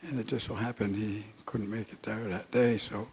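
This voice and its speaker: Gravelly older man telling a story slowly. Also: lowish voice, little pitch movement, darkish tone. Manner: unhurried, halting storytelling with many pauses and fillers. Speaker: speaker at an honoring event. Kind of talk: recounting a personal story in a speech.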